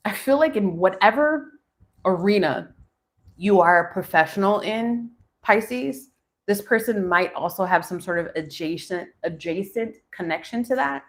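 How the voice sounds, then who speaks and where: Thinking out loud between card pulls, this forties-aged tarot reader chats with her live audience as she flips each card. She speaks at medium pitch, unhurried, with lively intonation.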